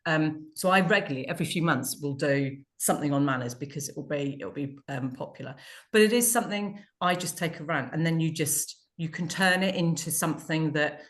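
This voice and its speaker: A woman's voice: deep voice, brisk. A British woman co-hosting a casual video call, rambling and laughing at herself as she tells stories. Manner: rambling, self-mocking, laughs often. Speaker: co-host. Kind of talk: casual chat.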